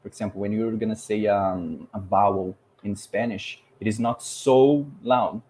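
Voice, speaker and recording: Brazilian guy chatting in english, pretty low mellow voice, faint hum behind, stops to find words. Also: normal speed, rough recording. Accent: Brazilian Portuguese. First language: Portuguese. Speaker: podcast host. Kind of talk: casual conversation in English.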